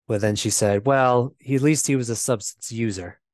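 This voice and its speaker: A low-pitched man talks through a painful memory as an interview guest. His speech is halting and full of fillers and restarts. The sound is close and dry, with no room to it. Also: mellow, dry recording. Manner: halting, repeats himself, many fillers. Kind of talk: personal storytelling.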